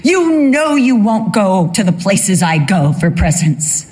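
A woman's voice: mid-range voice, very animated, slow, a little mellow, husky. An older woman telling a humorous personal story that turns into a sermon, acting out the voices she quotes. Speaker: speaker giving a testimony.

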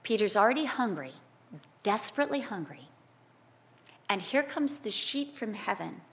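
At an ordinary speed and a fairly high pitch, a middle-aged woman preaches, blending scripture lessons with a lively personal tale. When she quotes someone, she acts it out loudly.

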